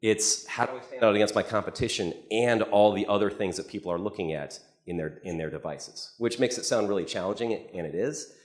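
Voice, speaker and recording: Low-voiced man giving a conference talk. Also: fairly quick, hardly any pauses. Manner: conversational storytelling with frequent restarts and repeated words. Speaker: conference speaker. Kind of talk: conference presentation. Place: conference hall. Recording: echoey hall.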